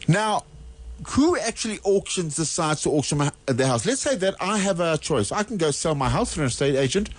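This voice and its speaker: A man hosting a radio interview, talking at a brisk clip in a fairly high voice. He fires off short, probing questions one after another. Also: big pitch swings. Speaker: radio host.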